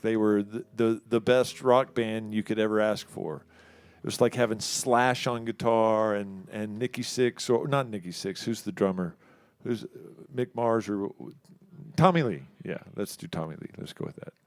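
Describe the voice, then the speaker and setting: Smooth-voiced storytelling musician from Houston. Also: male voice, on the low side, no room sound. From Houston, Texas. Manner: animated, acts out quoted voices, laughs often. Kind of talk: casual storytelling. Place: live studio show.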